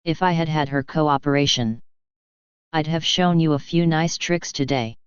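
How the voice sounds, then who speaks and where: A narrator reading the lines of a hot-tempered, blustering older uncle in a slow storybook voice. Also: medium pitch, smooth, no room sound, close to an everyday voice. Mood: scornful. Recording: slightly dull, dry recording.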